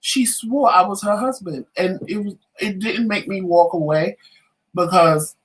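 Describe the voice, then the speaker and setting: A man whose voice sits high speaks a little slowly as he co-hosts a laid-back talk show, in a rough recording. Telling a story with lots of energy, he voices the people involved and acts out their quotes.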